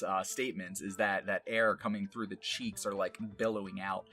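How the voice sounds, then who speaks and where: A man's voice: low-pitched, level tone, normal speed, pushed and bright, faint music behind. A man who works as a voice actor, rambling casually and laughing at himself as he explains his craft. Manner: rambling and self-amused, with many fillers. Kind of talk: casual talk about voice acting.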